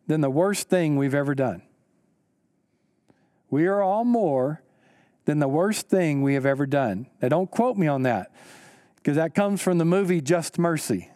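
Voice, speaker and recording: Man, pastor, sermon, high-pitched, earnest, emphatic repetition. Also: expressive, dark tone, dry recording, studio quality. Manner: earnest, repeats key lines slowly for emphasis; rises in pitch when stressing a point.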